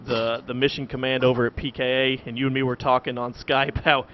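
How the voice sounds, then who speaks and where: A man's voice: mid-range voice, flat delivery, fast talker. A man hosting a podcast, rambling and laughing often. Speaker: host. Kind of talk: casual podcast chat. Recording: dull lo-fi voice call audio.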